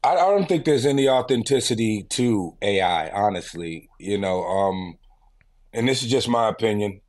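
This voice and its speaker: A man's voice: fairly low pitch, lively intonation, normal speed. A man in his fifties with a New York accent, chatting as an interview guest in a laid-back, easygoing way and laughing easily. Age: 50s. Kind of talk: casual interview chat.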